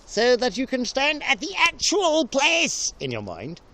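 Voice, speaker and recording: A man's voice: very high voice, wildly swooping pitch, measured pace, pushed and bright. A man whose first language is Danish, rambling through a whimsical, punning improvised monologue outdoors in a forest, recorded on a handheld camera. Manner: whimsical, punning, full of restarts. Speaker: vlogger. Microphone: handheld camera, sometimes left on a tree.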